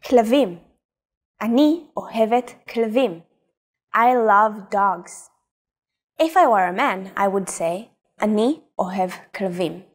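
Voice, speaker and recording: A woman teaching in a scripted language lesson, pronouncing example sentences slowly and carefully. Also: mid-range voice, expressive. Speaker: Hebrew teacher giving native examples.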